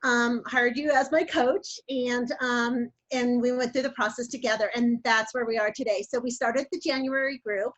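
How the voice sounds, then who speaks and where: Chatty older woman with higher voice. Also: steady tone, normal speed, few pauses, a bit bright, highs cut off. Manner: chatty, rambling with many fillers. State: voice affected by allergies. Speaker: coaching client. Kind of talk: casual interview storytelling.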